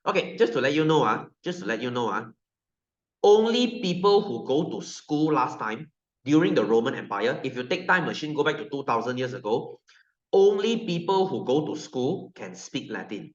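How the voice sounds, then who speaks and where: A man's voice: a little high, fairly bright tone. Malaysian-accented man teaching science, playful, fires questions at the class, muffled and echoey. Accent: Malaysian English. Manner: joking, keeps quizzing students. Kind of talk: classroom lecture. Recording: roomy, dull sound.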